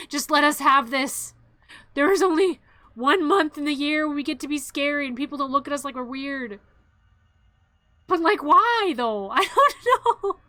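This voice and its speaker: A woman streamer in a casual, animated rant, exasperated and laughing between complaints. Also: high voice, dry recording.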